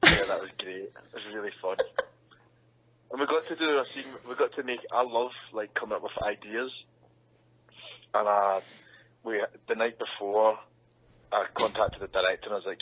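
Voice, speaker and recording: A man's voice: fairly low pitch, normal speed, long pauses, husky. A young man who is an actor, chatting casually in an interview, laughing often and acting out quotes. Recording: dull lo-fi sound.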